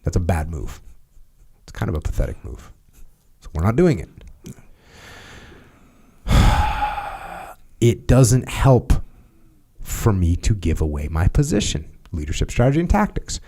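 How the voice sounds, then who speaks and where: An American man, a former Navy SEAL leader, talking through leadership in a steady, matter-of-fact podcast conversation with casual fillers. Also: low-pitched, unhurried, pauses often, slightly rough. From United States.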